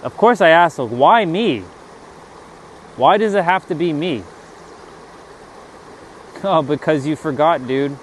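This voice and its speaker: Man, slightly high voice, casual spiritual vlog rant, swears freely, faint outdoor noise. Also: slow pace, long pauses. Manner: animated, swears, talks to God in mock dialogue. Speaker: spiritual vlogger.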